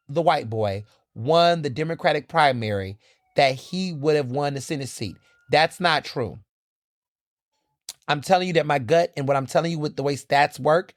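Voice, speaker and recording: A man hosting a solo podcast, talking to listeners in a sassy, animated, conversational way. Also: a little high, no room sound, clean studio sound. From Texas. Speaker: podcast host.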